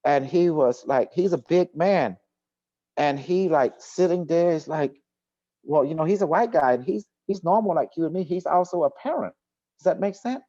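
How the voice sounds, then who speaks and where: A man's voice: a little high, normal speed, warm tone, dry recording. A man hosting a casual talk show, telling a story at length and with emphasis. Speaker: host. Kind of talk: casual chat. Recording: dull lo-fi recording.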